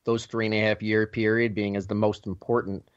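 Guest, 30s man, New York accent, earnest and hesitant, slightly low voice. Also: flat delivery, a little fast, no echo, muffled recording. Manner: earnest, hesitant with many fillers. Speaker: guest accountant. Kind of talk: interview answers.

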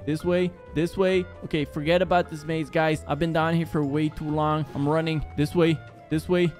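A man's voice: a little high, flat delivery, normal speed, hardly any pauses, a little mellow, soft background music. A young man hosting a gaming channel, giving jumpy, exclaiming commentary on a horror game and talking to his viewers.

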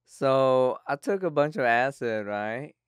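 A young man, telling a story on a podcast in a halting, laid-back way full of fillers. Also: mid-range voice, lively intonation, clean tone, no room sound, studio quality. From Texas. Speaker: comedian and rapper, podcast guest.

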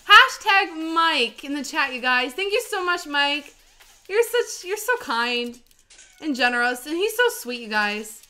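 Young woman streamer, hoarse, giggly, very high voice, unhurried. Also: big pitch swings, sharp tone. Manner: giggly, bubbly, sings snippets to herself. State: hoarse, voice nearly gone. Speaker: live stream host. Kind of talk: casual live-stream chat while baking.

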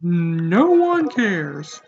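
High-voiced young gamer, joking. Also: male voice, very animated, extremely slow, gravelly, husky, lo-fi sound, soft background music. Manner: joking, rambling, talks to viewers. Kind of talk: casual let's play commentary.

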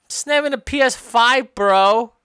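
A woman's voice: on the high side, moderate pace, a bit bright, clean tone, no echo, clean studio sound. A woman giving comedic improvised gameplay commentary, playing exasperated and tacking "man" and "bro" onto her lines.

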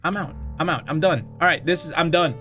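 A young man with a Mexican accent giving loud, cursing horror gameplay commentary, easily spooked and given to sudden yelps. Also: on the high side, brisk, faint music behind. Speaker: gaming YouTuber.

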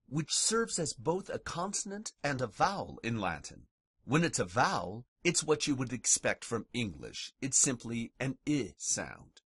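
A man narrating a scripted lesson as a language teacher, carefully and deliberately sounding out each example word. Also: mid-range voice, a bit bright, breathy edge, dry recording, clean studio sound.

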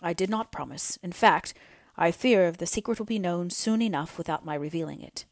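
A woman voicing a kindly older male doctor in an audiobook reading, speaking in a gentle, fatherly way. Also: fairly low pitch, normal speed, dry recording, studio quality, lightly acted. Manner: soothing, fatherly.

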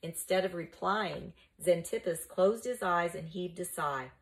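A woman's voice: fairly low pitch, a little slow, gravelly, rough recording. A woman reading a children's novel aloud, telling the story steadily and expressively. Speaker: reader of a children's book.

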